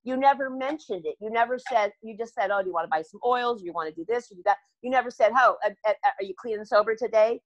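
A woman's voice: medium pitch, quick pace, hardly any pauses, no echo, lo-fi sound. An older woman talking earnestly as a podcast guest, rambling and restarting her sentences as she speaks. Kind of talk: candid podcast conversation.

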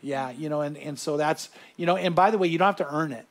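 Male pastor preaching to a small room of listeners, earnest and animated, voice sitting a bit high, words tumbling over restarts. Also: quick pace. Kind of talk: sermon.

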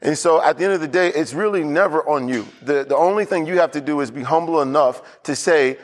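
A man's voice: on the high side, a little fast, hardly any pauses. A male pastor preaching a loose, unscripted sermon, full of restarts, asides and repeated phrases.

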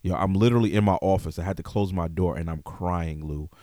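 A man hosting a podcast, talking openly in a relaxed way full of "yo" and "you know what I mean". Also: low-pitched, fast talker, dry recording. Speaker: podcast host. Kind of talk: casual podcast chat.

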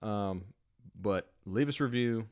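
A man's voice: on the low side, a little slow, smooth. A man co-hosting a podcast in casual, profane, joking chat. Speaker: podcast co-host.

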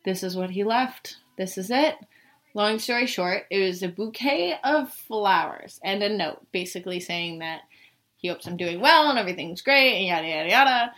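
A woman's voice: medium pitch, expressive, normal speed, fairly bright tone. A young woman from the Boston area telling a personal story in a casual, chatty way, saying "like" constantly and swearing now and then.

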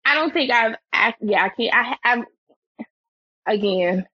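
A woman telling a story as a podcast guest, animated and expressive, her voice climbing higher when she gets excited. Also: measured pace, slightly rough, no room sound, dull audio. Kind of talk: animated storytelling in casual chat.

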